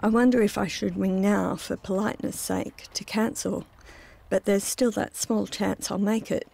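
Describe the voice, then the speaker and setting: A woman's voice: medium pitch, steady tone, normal speed, creaky, a little mellow. A middle-aged woman narrating her own memoir in a reflective, intimate first-person telling.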